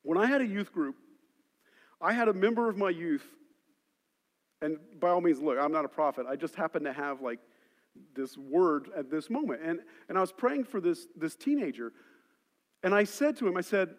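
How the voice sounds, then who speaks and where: A man preaching a sermon as pastor, telling stories and shifting between loud emphasis and quiet asides. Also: fairly high pitch, lively intonation, normal speed, long pauses. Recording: long hall reverb.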